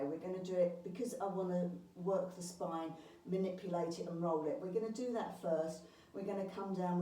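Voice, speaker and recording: A woman leading a beginners Pilates class, calmly talking students through each movement with the occasional filler. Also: on the low side, a little hiss or hum. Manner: calm step-by-step cueing with fillers. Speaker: Pilates instructor. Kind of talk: guided exercise class. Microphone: camera across the room. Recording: roomy far-off mic with faint ambience.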